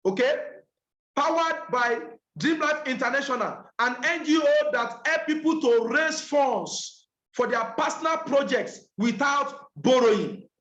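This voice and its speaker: A man's voice: extremely high pitch, lively intonation, measured pace, a bit bright, echoey room. A man leading an online business training, emphatic and repeating key points.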